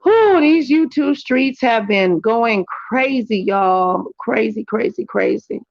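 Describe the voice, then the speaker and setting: A woman talks to her livestream viewers in loose, casual chat, with animated storytelling. The audio is a bit dull and lo-fi, and the room sounds dry and close. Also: slow, creaky, no echo. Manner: animated storytelling, jumps into high voices for quotes. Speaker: livestream host.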